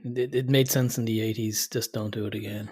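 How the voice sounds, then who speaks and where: A man's voice: lowish voice, fairly even intonation, brisk, darkish tone, husky. A man co-hosting a casual movie podcast, enthusiastic and chuckly as he retells scenes. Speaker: podcast co-host.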